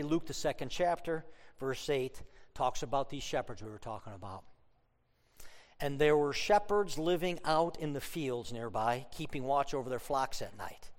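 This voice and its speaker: A man preaching a sermon, telling stories with humor and sudden loud outbursts. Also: on the high side, normal speed, big-room sound. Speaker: pastor.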